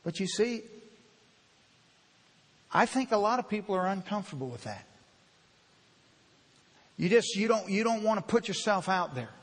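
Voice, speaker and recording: A man preaching from the pulpit in a church sanctuary, sharing his heart in a candid, conversational sermon. His fairly high voice rings out with a long, lingering reverb. He speaks gently and then pushes up into emphatic, louder stretches. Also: expressive, normal speed, long pauses. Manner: heartfelt, confessional, builds to emphatic bursts. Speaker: pastor.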